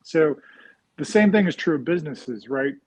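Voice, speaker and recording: A man's voice: a little high, expressive, normal speed, rough recording. A man talking casually as an interview guest, rambling and often adding "right?" after his points. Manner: rambling, frequent "right?" tags and fillers. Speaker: guest real estate investor.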